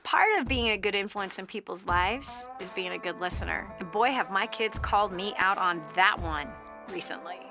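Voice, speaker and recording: A middle-aged woman hosting a Christian call-in radio show, talking in an animated, preachy way and laughing often. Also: mid-range voice, normal speed, faint music behind.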